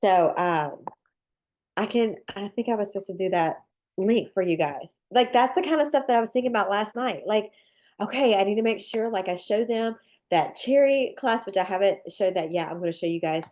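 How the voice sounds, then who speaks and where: In a live online cookie-decorating session, a woman talks cheerfully and rambles on, congested and nasal from a sinus infection. Her mid-range voice is animated and a little mellow, delivered at a normal speed.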